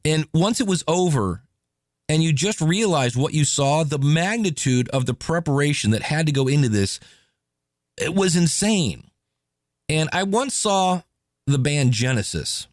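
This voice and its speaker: A man hosting a podcast, telling stories in a casual, animated way and acting out quotes. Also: fairly high pitch, measured pace, no echo, studio quality. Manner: animated, chatty, acts out quotes. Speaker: podcast host. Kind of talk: casual solo podcast storytelling.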